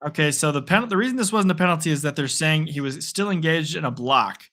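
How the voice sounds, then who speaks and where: Man, sports stream host, live play-by-play reaction, playful rambling, bright forceful voice, slightly high. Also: quick pace.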